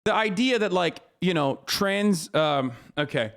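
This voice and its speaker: A man's voice: high voice, animated, a little slow, vocal fry, fairly bright tone. A man in his thirties, a streamer, ranting in exasperated casual commentary with lots of swearing. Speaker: streamer reacting to a clip.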